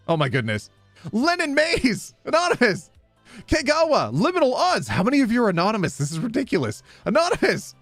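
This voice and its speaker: A man's voice: high voice, a bit bright, no echo. A man hosting a charity livestream, rattling off donor names, stumbling over spellings and tossing in chatty asides. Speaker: livestream host reading out donors. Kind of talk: charity livestream, rapid name roll call.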